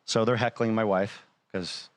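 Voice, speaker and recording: A man's voice: fairly low pitch, unhurried. A man casually telling a personal story, acting out the dialogue and swearing freely. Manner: animated retelling, acting out quoted dialogue.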